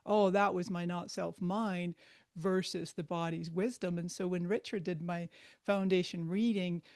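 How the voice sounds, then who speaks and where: A woman speaking as a guest in a casual interview, animated and laughing often. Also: on the low side, a little slow, no echo, studio quality.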